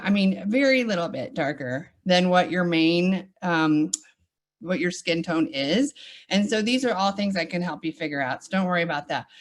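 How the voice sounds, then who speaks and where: A woman with a Southern US accent giving a makeup demonstration, upbeat and reassuring as she walks through each step. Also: on the low side. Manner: upbeat, reassuring, chatty teaching. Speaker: makeup instructor.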